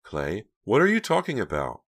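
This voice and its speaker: A man's voice: on the low side, wildly swooping pitch, normal speed, a bit bright, pitched above the performer's own voice, full character voice. A man voicing a bitter teenage girl, raised voice. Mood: resentful. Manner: heated, bitter. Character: teenage girl, angry and resentful.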